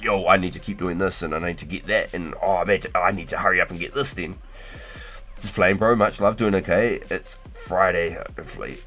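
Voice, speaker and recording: A man hosting a casual game livestream, talking in a relaxed, slangy way to chat and swearing freely. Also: sits low. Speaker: livestream host.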